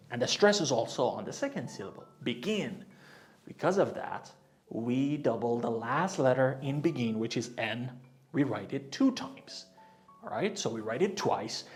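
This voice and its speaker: A man teaching an English grammar lesson, explaining slowly and deliberately and spelling words out letter by letter. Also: medium pitch.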